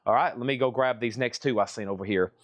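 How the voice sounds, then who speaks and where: A man's voice: mid-range voice, quick pace, muffled recording. A man hosting a live-stream vinyl record sale, chatting casually as he reels off prices, grades and bidder names. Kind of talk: live-stream auction chat.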